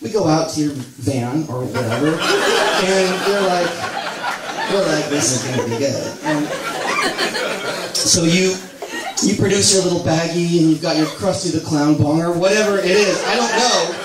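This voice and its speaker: A man's voice: fairly high pitch, measured pace, long pauses. A man in his late thirties telling a rambling, self-deprecating spoken word story to a live audience. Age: late 30s. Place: small live venue with audience. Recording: roomy live recording from far off, crowd noise. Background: audience laughter.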